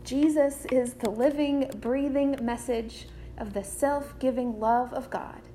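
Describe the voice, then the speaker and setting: A woman preacher delivering a sermon in a measured, deliberate way, repeating key phrases. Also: high voice, steady tone, dark tone, a little hiss or hum.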